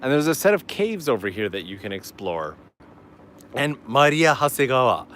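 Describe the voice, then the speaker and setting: Male travel streamer, upbeat walking commentary, average pitch, light outdoor noise. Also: big pitch swings, moderate pace, a bit bright. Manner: enthusiastic, chatty, reads viewer messages aloud. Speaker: travel vlogger hosting a live stream. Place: outdoors on a seaside island path.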